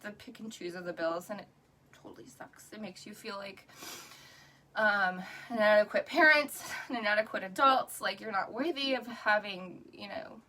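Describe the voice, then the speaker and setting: Tearful woman with a bright voice. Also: medium pitch, normal speed, distant mic. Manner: earnest, encouraging, breaks into little laughs. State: tearful, crying. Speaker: direct sales rep. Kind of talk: emotional live video to a group.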